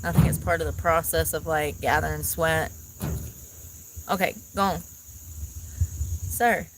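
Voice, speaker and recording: A woman vlogging casually outdoors in the mountains, chatty and animated as she talks to viewers. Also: deep voice, normal speed. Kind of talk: casual outdoor vlog chat. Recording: outdoor noise, crickets audible.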